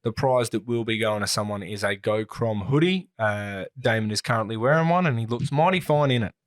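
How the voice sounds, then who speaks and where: A man co-hosting a podcast, reading plugs and announcements in relaxed, rambling casual chat with lots of "uh" fillers. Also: fairly low pitch, fairly quick.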